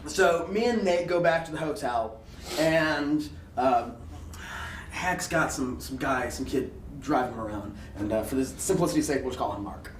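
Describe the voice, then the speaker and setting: A man's voice: medium pitch, expressive, normal speed, distant mic. Profane, laughing storyteller man. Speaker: interview guest. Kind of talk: casual storytelling. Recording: roomy, off-mic, faint room hiss.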